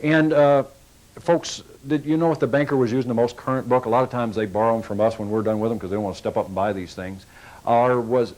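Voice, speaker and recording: A man's voice: mid-range voice, steady tone, quick pace, a little mellow, low-quality recording. Folksy man coaching car salespeople. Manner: folksy and coaching, acts out customer exchanges. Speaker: sales trainer. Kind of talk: sales training talk.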